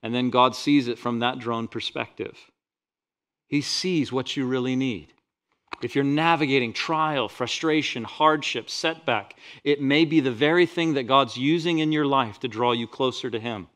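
A man preaching a sermon as pastor, reading scripture with rising force and dropping into quiet, personal asides. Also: medium pitch, normal speed. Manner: animated preaching, swells loud on scripture quotes; drops to quiet, intimate asides.

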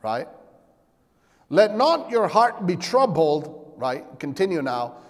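A man preaching a sermon as pastor, asking rhetorical questions and calling for amens. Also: slow. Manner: animated, shifting pitch and volume. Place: church sanctuary. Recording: long hall reverb.

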